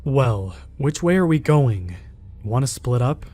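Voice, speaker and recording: A man reading the part of a playful young friend who teases the group in a spoken horror story. The tone is mellow and dark, with faint music underneath. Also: medium pitch, sing-song, slow. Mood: teasing. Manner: teasing, upbeat. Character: joking young friend on a snowy night.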